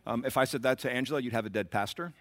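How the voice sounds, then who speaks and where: A man's voice: mid-range voice, very fast, a bit bright, a little hiss or hum. A middle-aged man preaching a sermon as pastor, building to emphatic surges and talking directly to the congregation.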